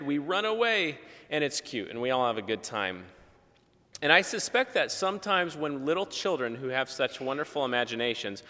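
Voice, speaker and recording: Guy pastor telling stories from the pulpit, bright sharp voice, long echo of a big church. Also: medium pitch. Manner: conversational, storytelling with asides. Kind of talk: sermon with personal stories. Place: church sanctuary.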